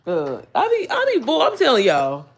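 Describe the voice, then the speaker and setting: A woman's voice: a little high, huge pitch swings, normal speed, slight background noise. A young woman from Indiana chatting casually on a home livestream, greeting viewers by name and reading their comments aloud. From Indiana, United States. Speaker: livestream host. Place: indoors at home.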